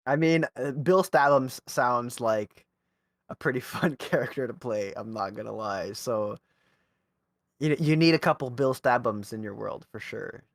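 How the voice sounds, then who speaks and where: A man's voice: mid-range voice, unhurried, dry recording. A man hosting a tabletop gaming podcast, easygoing and friendly, laughing often and restarting his questions. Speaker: podcast host. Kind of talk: casual podcast interview.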